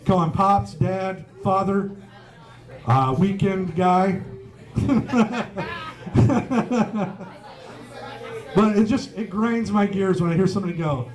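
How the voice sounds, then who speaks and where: Speaking slowly with long pauses, a high-voiced man does stand-up on a pub stage against a faint crowd. He swears freely and chuckles at his own jokes.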